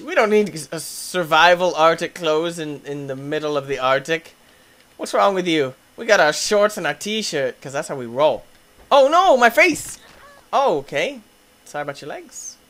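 An excitable man narrating his own gameplay in a bouncy voice that swoops high and low. He laughs easily, shouts at his mistakes and talks to the game's characters. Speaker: gaming YouTuber. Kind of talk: let's play commentary.

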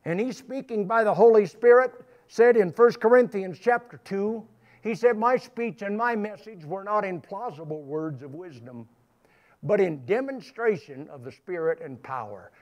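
A man's voice: high voice, animated, normal speed. A man pastor preaching a sermon in church, emphatic and repetitive, rising in bursts. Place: church sanctuary.

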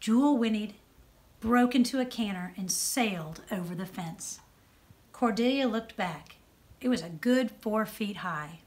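Expressive woman reading a storybook. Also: medium pitch, measured pace. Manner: expressive storytelling, softer on narration tags. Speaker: judge reading aloud. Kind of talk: children's book read-aloud.

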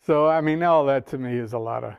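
A man's voice: mid-range voice, fast talker, gravelly, clear, resonant tone, lo-fi sound. An older man, a guest on a casual talk show, answering with wry, dry humor. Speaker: guest, golf historian. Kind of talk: casual chat.

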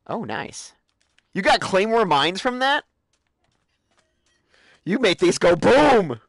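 A man hosting a live stream, giving excitable gameplay commentary that bursts into yelps and squeals. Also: high voice, takes it slowly, no room sound, studio quality.

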